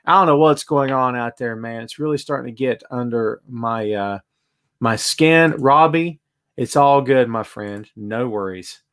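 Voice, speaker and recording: A man's voice: medium pitch, unhurried, fairly bright tone, clean tone. A man hosting a casual live-streamed wrestling podcast from his home, chatty and greeting viewers by name. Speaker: podcast host. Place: home room with bass amp.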